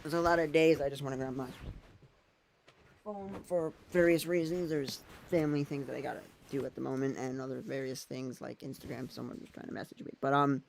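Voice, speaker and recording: A man's voice: medium pitch, fairly even intonation, a little fast, vocal fry. A man vlogging in a casual, rambling way, thinking aloud as he goes. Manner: thinks aloud while using his phone and laptop, meandering.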